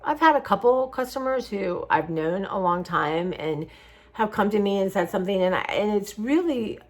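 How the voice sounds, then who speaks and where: A woman's voice: medium pitch, animated, moderate pace. A middle-aged woman talking casually and from the heart to her viewers in a rambling vlog. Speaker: craft vlogger. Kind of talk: casual chat to camera.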